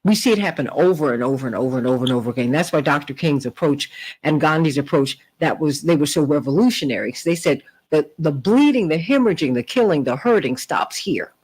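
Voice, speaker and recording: A woman hosting a radio talk show, telling stories with lively, rising delivery. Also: fast, breathy edge, low-quality recording. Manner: animated storytelling, rising pitch in quotes. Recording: radio broadcast.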